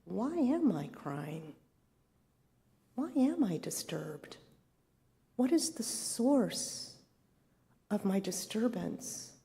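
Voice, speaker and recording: Middle-aged woman, spiritual leader, relaxed sermon, warm dark tone with gravel. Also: mid-range voice, extremely slow, long pauses. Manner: conversational, reflective, asks the congregation questions.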